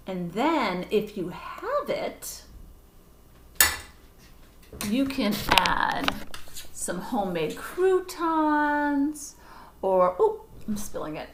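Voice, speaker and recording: A woman's voice: medium pitch, background noise. Woman cooking instructor, casual and chatty, talks to herself as she cooks; roomy kitchen, mic a little far off. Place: home kitchen. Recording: roomy kitchen sound from a distant camera mic.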